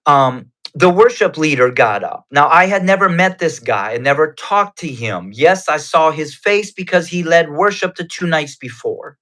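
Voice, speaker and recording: A man's voice: fairly high pitch, animated, pushed and bright. A man giving his personal faith testimony as a guest, telling it in an earnest, conversational way. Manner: earnest, conversational, unhurried retelling.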